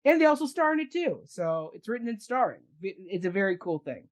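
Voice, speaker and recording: A woman's voice: mid-range voice, very animated, brisk. A woman hosting a casual arts talk show, introducing guests with enthusiasm. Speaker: host. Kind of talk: casual chat.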